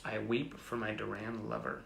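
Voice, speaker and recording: A chatty man hosts a casual live stream, reading aloud with wry, self-mocking asides. His voice is gravelly and bright. He sounds a bit roomy and echoey, as if recorded live at home. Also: fairly low pitch, little pitch movement, moderate pace, a little hiss or hum. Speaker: host. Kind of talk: casual livestream chat reading old clippings. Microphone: phone or webcam on a live stream.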